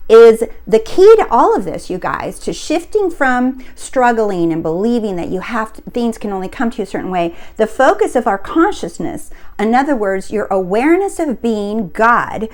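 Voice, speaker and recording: A woman coaching on spiritual wealth, speaking in an earnest, emphatic way and often asking if listeners see her point. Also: mid-range voice. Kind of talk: spiritual teaching talk.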